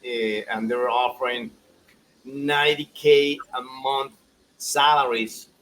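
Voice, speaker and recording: A man co-hosting a soccer show in a casual, animated chat, laughing often and restarting his sentences. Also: medium pitch, slow pace, a little hiss or hum, low-quality recording.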